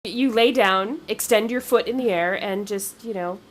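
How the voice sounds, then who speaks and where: A woman's voice: medium pitch, moderate pace. A woman playing a tabletop role-playing game, talking in character in a casual, offhand way.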